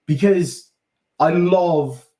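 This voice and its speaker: A man's voice: high-pitched, drawn-out words, mellow. A man with an Irish accent telling heartfelt stories in casual chat, swearing freely. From Ireland. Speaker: podcast co-host. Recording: roomy echo.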